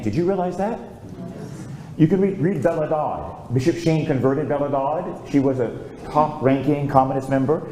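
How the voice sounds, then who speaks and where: An older man, a priest, preaches a sermon built around storytelling and calls out for amens. His voice is mid-range with a dark tone. He was recorded in an echoey room with faint ambience and slight background noise.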